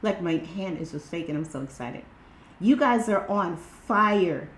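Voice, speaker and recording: A woman giving an excited spiritual tarot reading to her viewers, repeating herself in a preachy way. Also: fairly low pitch, unhurried, a little hiss or hum. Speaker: tarot reader.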